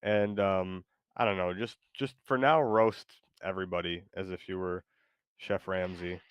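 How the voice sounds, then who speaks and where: A man hosting a casual stream, talking in a hesitant, rambling way with lots of pauses. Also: sits low, steady tone, clean tone, dry recording, highs cut off. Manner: hesitant, rambling, many ums. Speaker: streamer host.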